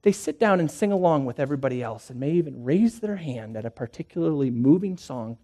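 Dramatic preacher in a mellow voice. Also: male voice, a little high, expressive, a little fast. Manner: dramatic, swings between hushed and emphatic. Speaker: pastor. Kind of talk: sermon. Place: church.

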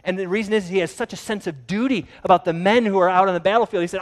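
A man's voice: high voice, fast talker, hardly any pauses. Man preaching with dramatic storytelling swings. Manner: dynamic storytelling, swinging from loud to hushed. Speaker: pastor. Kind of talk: sermon.

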